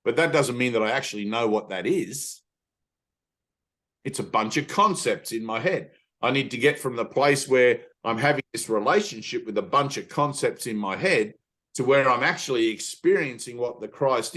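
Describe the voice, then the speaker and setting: Emphatic middle-aged male spiritual teacher, casual and blunt, mid-pitched voice. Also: fairly bright tone. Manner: earnest, emphatic, swears casually; frequent "right?" tag questions. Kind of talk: satsang teaching talk.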